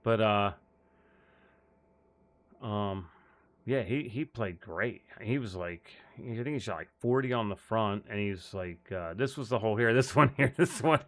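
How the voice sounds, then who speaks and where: Speaking low and unhurried, a man chats casually while hosting a golf live stream. His storytelling wanders loosely, with lots of restarts and plenty of laughing.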